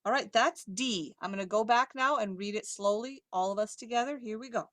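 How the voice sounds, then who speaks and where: A woman's voice: mid-range voice, fairly bright tone, no echo. A woman choir director leading a pronunciation lesson over a video call, reading lyrics syllable by syllable. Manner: slow, careful syllable-by-syllable reading.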